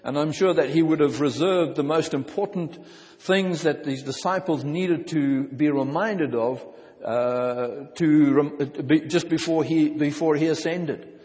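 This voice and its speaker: A man preaching a sermon, first reading scripture in a measured way, then explaining it in a halting, conversational style with restarts. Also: fairly high pitch, a little mellow, in a large hall.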